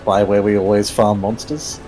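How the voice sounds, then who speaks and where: Male gaming buddy, dry quips, soft game music in the background. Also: on the low side, flat delivery, normal speed. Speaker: gaming partner. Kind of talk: casual gaming chat.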